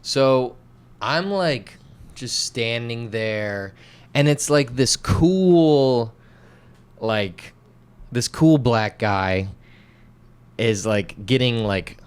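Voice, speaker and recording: A young man from North Carolina, co-hosting a casual podcast. His voice is smooth and resonant and sits at a middle pitch. He tells stories in an animated, self-mocking way, swearing as he acts out what people said. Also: slow. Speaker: podcast co-host. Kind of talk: casual storytelling chat.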